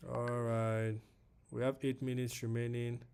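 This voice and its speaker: A forex trading streamer comments live on his trades, repeating phrases, using many fillers, and talking both to viewers in the chat and to the price itself. His medium-pitched voice is gravelly and darkish yet clean, with little pitch movement and a slightly slow pace.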